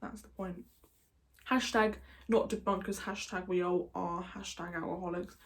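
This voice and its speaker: A woman's voice: fairly low pitch, fairly even intonation, moderate pace. A British woman chatting casually to camera, rambling and jokey, going off on tangents. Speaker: YouTuber. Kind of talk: casual vlog chat.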